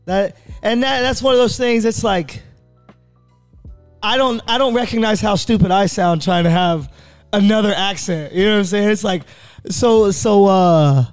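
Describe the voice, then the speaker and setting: Bright, high-pitched guy behind the barber chair, rambling and swearing, dry close sound. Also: normal speed, clean tone, no echo, soft background music. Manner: loose storytelling, swears, laughs. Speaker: barber and podcast host. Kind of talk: casual chat.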